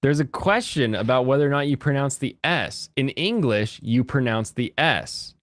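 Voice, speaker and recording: An American man chatting casually with his live-stream audience, joking and breaking into high mocking voices. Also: expressive, moderate pace, fairly bright tone, dry recording. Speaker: streamer reacting to chat.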